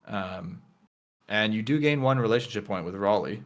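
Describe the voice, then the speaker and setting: A man's voice: on the low side, expressive, normal speed. A man doing an awkward embarrassed young student. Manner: hesitant, stammering, quiet.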